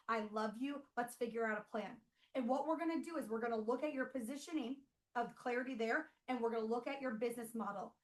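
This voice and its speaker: High-voiced, fired-up business coach woman. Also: poor audio. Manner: energetic and emphatic, repeats rhetorical questions, says "you guys". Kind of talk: motivational online training.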